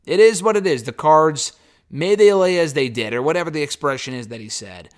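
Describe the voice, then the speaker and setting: A man with a slightly higher voice talks through a wrestling talk show on his own. He is blunt and opinionated, swears now and then, and wanders loosely through his points with fillers and restarts. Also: a little fast. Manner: blunt, opinionated, a bit profane. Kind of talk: casual solo review.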